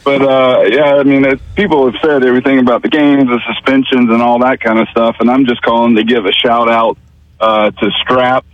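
A man's voice: mid-range voice, flat delivery, fairly quick, dry recording. A man calling into a sports radio show, chatting casually and telling a story. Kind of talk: casual call-in chat. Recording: muffled phone line.

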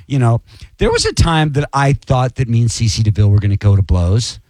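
A man's voice: mid-range voice, fairly quick, no room sound. Guy with a really bouncy voice, dry mic, telling stories. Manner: expressive, wide swings in voice. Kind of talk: casual chat.

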